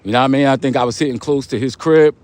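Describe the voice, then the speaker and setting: A man's voice: medium pitch, very fast, a little mellow. Streetwise New man on a livestream. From Long Island, New York. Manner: streetwise slang, repeats his points, motivational. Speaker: livestream host. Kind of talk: casual livestream talk.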